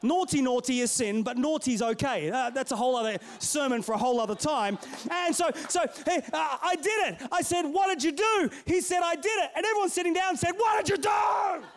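A middle-aged male pastor telling a story in a sermon, playful and animated, calling out to his congregation. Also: extremely high pitch, fairly quick, hardly any pauses.

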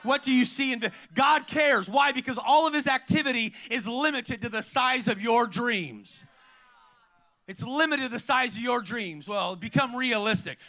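A middle-aged man preaches with real fire, his voice pitched strikingly high and ringing bright. He tells stories and keeps calling out to the congregation as he goes. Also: lively intonation, a little slow. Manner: preaching with call-outs to the congregation, storytelling. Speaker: pastor. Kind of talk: energetic sermon.

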